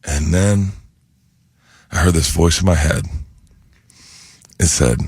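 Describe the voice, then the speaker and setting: A comedian guest in a radio studio, rambling through self-mocking stories and laughing often. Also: male voice, a bass voice, slow pace, a little mellow, breathy edge, dry recording. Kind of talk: storytelling in a radio studio interview.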